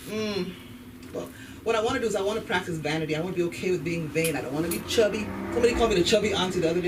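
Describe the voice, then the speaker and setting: A Nigerian woman in her fifties doing a stand-up comedy set in a club, animated and switching between voices. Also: on the low side, very fast. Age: 50s. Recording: distant mic, noisy room. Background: audience laughter.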